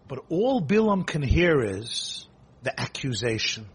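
A rabbi delivering a sermon, telling a story in animated storytelling style with rapid bursts of emphasis. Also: male voice, medium pitch, slightly rough.

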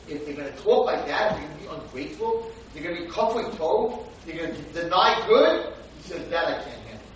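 Fields: Sex: man. Role: rabbi teaching a class. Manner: animated, quiet to loud. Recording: echoey room, distant mic, faint hum. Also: a little high, brisk. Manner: animated, acts out dialogue, swings between quiet and shouting. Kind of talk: Torah lecture with told stories.

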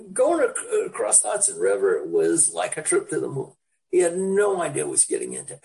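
A man from New York, a historian being interviewed, telling anecdotes in a lively, rambling way. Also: high-pitched, vocal fry, distant mic, poor audio. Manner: animated, digressive, puts on voices for quotes. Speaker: historian and author guest.

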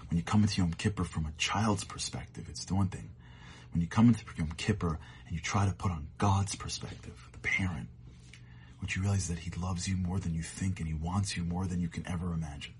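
A man giving a short, earnest sermon as a storyteller, sometimes dropping to hushed tones for emphasis. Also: low-pitched, fairly even intonation, fairly quick, a little hiss or hum.

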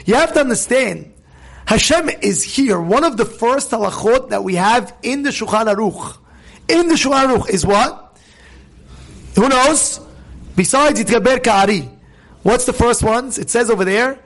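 An animated man preaching as a rabbi, his voice sitting unusually high for a man. He tells stories in a lively, conversational way, acting out the voices of the people in them and putting questions to the listeners. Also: moderate pace. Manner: animated storyteller, acts out voices, asks audience questions. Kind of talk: informal sermon with stories. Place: synagogue event hall.

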